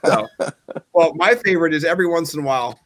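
A man's voice: on the high side, animated, fast, a bit bright. A man co-hosting a casual fantasy football chat, talking in a rambling, jokey way.

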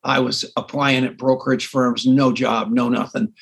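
An older man telling his own story on a podcast, self-mocking and acting out both sides of old conversations in a husky voice. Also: mid-range voice, little pitch movement, normal speed. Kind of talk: animated storytelling.

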